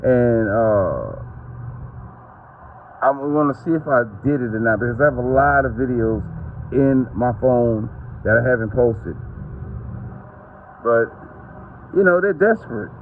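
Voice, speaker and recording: A man's voice: medium pitch, lively intonation, unhurried, pauses often, phone-quality sound, slight background noise. A man, ranting to camera in a heated, profane, rambling way. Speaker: vlogger.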